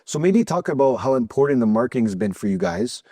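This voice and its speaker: A man's voice: mid-range voice, sing-song, brisk, warm tone, no echo, clean studio sound. A man hosting a podcast who asks long, rambling questions with ums and repeated words. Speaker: podcast host. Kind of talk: interview questions.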